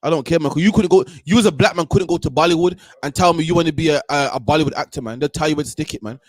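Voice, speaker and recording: A man with a high voice hosts a heated commentary at a rapid pace. He rants in an animated way and ends nearly every sentence with "man". The sound is dry and close. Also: no room sound. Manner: animated ranting, repeats "man" often. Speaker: host.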